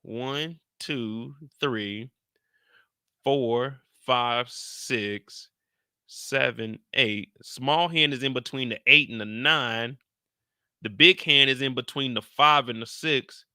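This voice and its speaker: Sharp-voiced man joking through a TV recap. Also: medium pitch, takes it slowly, clean tone, dry recording, clean studio sound. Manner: profane, joking, addresses viewers directly. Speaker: TV show recap host. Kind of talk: casual episode recap commentary.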